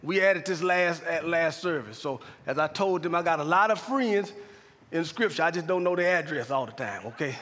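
A man preaching a sermon as pastor, calling to the congregation for responses and building to shouted climaxes. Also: a little high, animated, moderate pace. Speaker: pastor and chaplain. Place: large church hall. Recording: long hall reverb.

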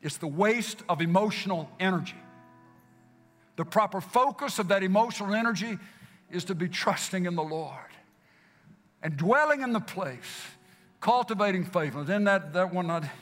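A man preaching a sermon, repeating phrases for emphasis and swinging from loud exclamations down to hushed whispers. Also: sits high, lively intonation, normal speed. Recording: long hall reverb with faint music.

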